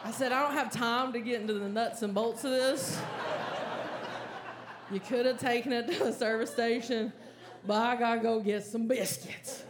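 A woman performs stand-up on a club stage, telling her story with animated energy and bursts of frantic acted-out panic. Her voice sits a little high for a woman. Live room noise and crowd ambience run steadily under her mic. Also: moderate pace. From American South. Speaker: stand-up comedian. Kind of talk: stand-up comedy set. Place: comedy club stage with audience laughter.

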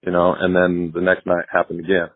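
A man with a lowish voice tells stories in a loose, rambling way, stumbling over repeated words. His voice comes through a thin, phone-like line that sounds dry and close. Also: completely flat delivery, fairly quick, no echo. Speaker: former baseball pitcher, guest. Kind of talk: casual storytelling interview.

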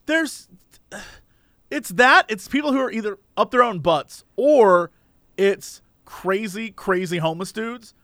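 A young man co-hosting a podcast in casual chat, an animated storyteller who slips into quoted voices. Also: high voice, unhurried, no echo, studio quality. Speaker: podcast co-host. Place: Los Angeles area.

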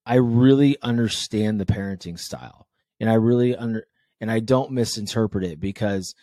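A man's voice: fairly low pitch, normal speed, no echo, studio quality. A man hosting a casual podcast conversation, who jokes and swears freely as he talks. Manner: animated, joking, swears freely.

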